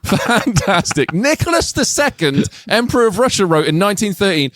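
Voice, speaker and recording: A man in his thirties co-hosting a podcast, talking in animated, jokey rants full of swearing, often reading from his own essay. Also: high-pitched, moderate pace, hardly any pauses, no echo, clean studio sound. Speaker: podcast co-host. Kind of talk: casual chat, reading a researched essay.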